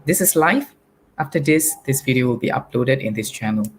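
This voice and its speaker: A man's voice: mid-range voice, expressive, fairly quick, slight background noise. A Malaysian man teaching a live online English lesson, patiently drilling spelling and pronunciation for primary pupils.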